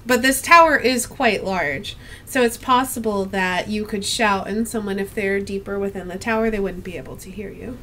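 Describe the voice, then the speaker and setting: A woman narrating as game master of a tabletop game, slow and relaxed, with a cough. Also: medium pitch, a little hiss or hum.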